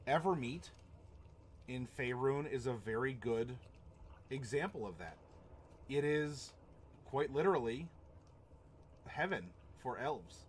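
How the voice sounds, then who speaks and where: Man, stream host, casual chat, rambling, chuckles, mid-pitched voice. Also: lively intonation, slow, pauses often, a little hiss or hum.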